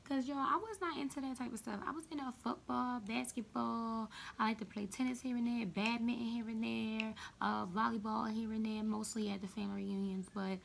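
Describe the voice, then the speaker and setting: A woman chatting casually to camera as a beauty vlogger, playful and full of quick asides. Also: a little high, steady tone, vocal fry, a little hiss or hum.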